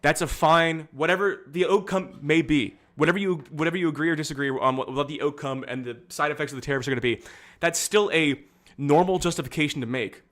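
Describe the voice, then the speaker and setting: A man's voice: fairly high pitch, quick pace, a bit bright. A young man streaming casual political commentary, rambling and candid, with frequent fillers and restarts.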